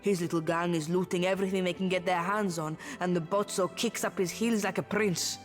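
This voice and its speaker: An actress voicing a tired, stern town watch commander who speaks in a curt, measured way. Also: female voice, on the low side, fairly even intonation, faint music behind, lightly acted. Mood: weary. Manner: curt, measured, weary authority.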